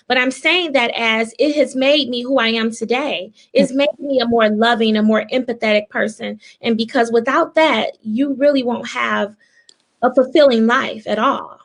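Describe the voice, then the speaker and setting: Woman, podcast host, earnest, reflective, fairly high voice. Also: fairly bright tone. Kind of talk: casual interview talk.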